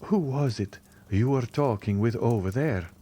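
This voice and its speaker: A man's voice: medium pitch, unhurried, warm tone, husky. A man voicing a frail but fiery young woman in an audiobook, passionate and urgent.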